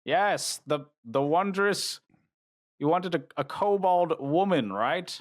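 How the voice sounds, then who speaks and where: A man voicing a scheming, aloof old male elf wizard with a grand, drawn-out theatrical delivery. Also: fairly high pitch, lively intonation, voice pushed up. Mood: mock grand. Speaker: game master voicing a wizard.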